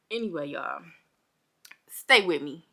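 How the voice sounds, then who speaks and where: A young woman telling a storytime vlog to her viewers, chatty and animated, a little parched and under the weather. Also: on the low side. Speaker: vlogger.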